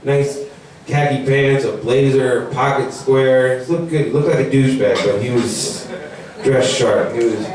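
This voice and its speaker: A young man doing a stand-up comedy set. He talks in a rambling, animated way and mocks people in put-on voices. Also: mid-range voice, a little slow, slight background noise. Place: comedy venue. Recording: very echoey room, mic far off.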